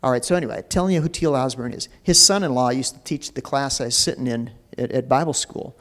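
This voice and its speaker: Speaking fast in a medium-pitched, slightly bright voice, this pastor gives a casual sermon packed with "you know" fillers. The church sanctuary adds a long hall reverb.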